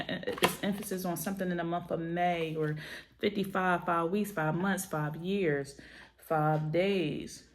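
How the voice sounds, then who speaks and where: Tarot reader, woman, lower-pitched voice, emphatic and encouraging, faint background hiss. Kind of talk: tarot reading.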